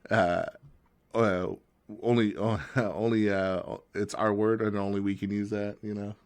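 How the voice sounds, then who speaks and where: A man co-hosting a podcast in casual chat, telling stories in a halting way with many fillers. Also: fairly low pitch, flat delivery, a little mellow, clean tone. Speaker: podcast co-host.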